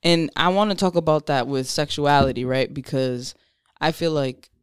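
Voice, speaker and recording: A young woman hosts a podcast in a smooth, clear voice at a middling pitch. She talks reflectively and openly about herself, in relaxed slang. The recording is dry and close. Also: moderate pace, no echo. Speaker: podcast host. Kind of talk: casual podcast chat.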